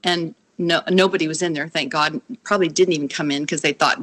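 A woman's voice: deep voice, fairly even intonation, a little fast, fairly bright tone. Woman telling an emotional faith story. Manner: earnest, storytelling, acts out quoted voices. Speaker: guest. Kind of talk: emotional personal testimony.

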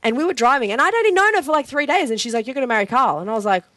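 A young woman chatting casually as a guest, telling an animated story full of "like" and acted-out quotes. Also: high-pitched, very fast, no room sound. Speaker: guest sharing a testimony. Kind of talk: casual chat.

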